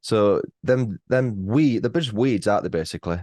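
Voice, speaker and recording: A man's voice: on the low side, moderate pace, a little mellow, no room sound, studio quality. A man in his thirties with a British accent, talking bluntly and teasing as a guest in a casual chat, swearing freely. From Britain. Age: 30s. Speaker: podcast guest.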